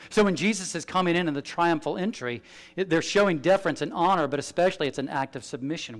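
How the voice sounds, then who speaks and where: In a fairly high-pitched voice and at a quick clip, a man gives a lively sermon as pastor, moving from loud emphasis to soft asides.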